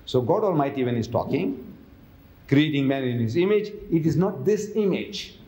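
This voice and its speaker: A man's voice: medium pitch, expressive, normal speed, dark tone, roomy sound. A man giving a public religious lecture, firing rhetorical questions at his audience.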